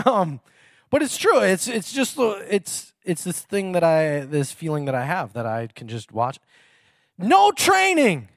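A man's voice: on the high side, no echo, clean studio sound. A man preaching a casual sermon in a chatty, self-mocking way, laughing often.

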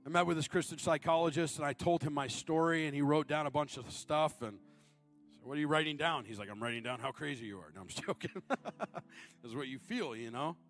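A man's voice: a little fast, soft background music. Thirties man preaching with wide swings. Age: 30s. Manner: swings from shouted high appeals to low confiding storytelling. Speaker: guest preacher. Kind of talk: sermon.

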